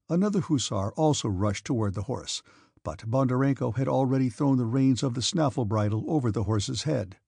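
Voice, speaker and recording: Gravelly husky male narrator. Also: medium pitch, moderate pace, dark tone, no room sound, studio quality. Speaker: audiobook narrator. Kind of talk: scripted narration.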